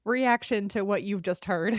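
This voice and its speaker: A woman's voice: mid-range voice, a little slow, no room sound, clean studio sound. A woman co-hosting a podcast, chatting playfully about a TV episode and laughing often. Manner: playful, laughing, affectionate asides. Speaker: podcast co-host. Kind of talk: casual recap chat.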